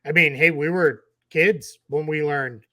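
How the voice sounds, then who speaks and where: A man's voice: a little high, fairly even intonation, a little slow, sharp tone. A man with a slightly raised voice chats loosely about basketball, often restarting his sentences and stumbling over repeated words. The sound is dry and close, with no room echo. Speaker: podcast co-host. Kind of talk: casual sports talk.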